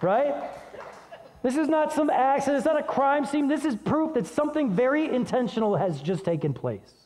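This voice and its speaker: A man preaching a sermon as pastor, conversational and energetic, dropping low and soft when reading scripture. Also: normal speed, long reverb tail.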